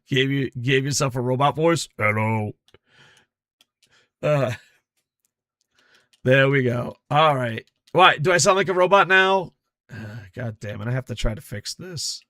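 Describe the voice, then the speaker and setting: A man's voice: mid-range voice, sharp tone, no room sound, clean studio sound. A man streaming a football game, chatting casually with lots of swearing and grumbling about his stream tech. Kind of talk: casual gameplay chat.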